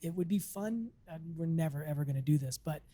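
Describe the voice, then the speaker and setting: A man co-hosting a podcast, chatting in a relaxed way and thinking aloud. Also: a little high, brisk. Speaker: podcast co-host. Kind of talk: casual chat.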